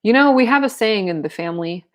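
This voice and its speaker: A woman doing a booming male group leader. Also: animated, fast talker, lightly acted. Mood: rousing. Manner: booming, cheerleading.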